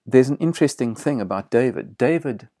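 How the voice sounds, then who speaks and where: A man preaching a sermon, earnest and emphatic, repeating phrases with pauses and fillers. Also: mid-range voice, animated, mellow, no room sound, studio quality.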